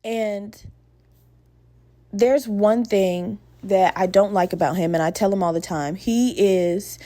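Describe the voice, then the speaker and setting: A young woman hosting a podcast, telling a personal story in a candid, profane, animated way. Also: medium pitch. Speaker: podcast host. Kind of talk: casual storytelling monologue.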